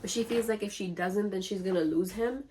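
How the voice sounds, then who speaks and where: A woman's voice: medium pitch, fairly quick, a little mellow, husky. A woman who is a book vlogger, summarizing novels in a casual, wry and sarcastic way.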